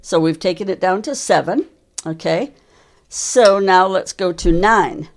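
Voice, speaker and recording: A woman teaching a drum lesson, calmly explaining sticking patterns and counting beats aloud from behind her kit. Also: lowish voice, unhurried. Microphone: mic worn while playing kit. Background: drum kit playing.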